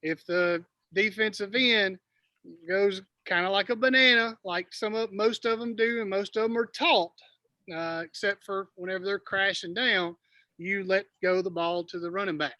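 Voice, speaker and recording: A man's voice: sits high, fairly even intonation, moderate pace, sharp tone, no echo, muffled recording. A man coaching quarterbacks in a virtual session, explaining plays and correcting himself. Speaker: football coach.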